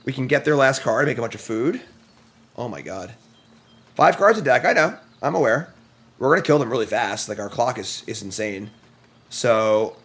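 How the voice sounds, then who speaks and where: A man's voice: medium pitch, lively intonation, normal speed, fairly bright tone. A man streaming a card game, giving casual commentary and berating himself for his mistakes after a long, tiring session. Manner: self-deprecating, exasperated outbursts.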